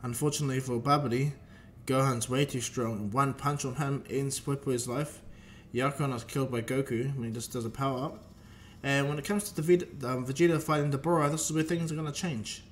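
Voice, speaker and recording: A man's voice: mid-range voice, fairly even intonation, a little fast, slight background noise. A man narrating a fan-made story in a loose, casual retelling. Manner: loose retelling with fillers and restarts.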